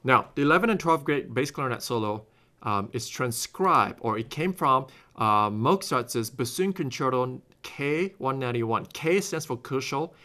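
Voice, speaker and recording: His mid-range voice bright and forceful, with lively intonation and moderate pace, a man leads a recorded clarinet masterclass. He explains phrasing in steps and sings passages using scat syllables.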